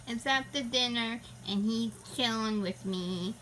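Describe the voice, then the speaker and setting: A woman's voice: fairly high pitch, slow pace, slight background noise. A woman vlogging at home, talking to her cat in doting baby talk with sing-song repetitions. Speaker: pet vlogger. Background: soft rain sound playing.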